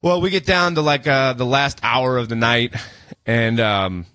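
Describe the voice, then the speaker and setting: A man tells a story in casual podcast chat, rambling and cursing as he goes. His voice sits at a mid pitch. The recording is close and dry. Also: measured pace, bright, forceful tone, clean tone, dry recording. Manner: rambling storyteller, swears freely. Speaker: podcast co-host.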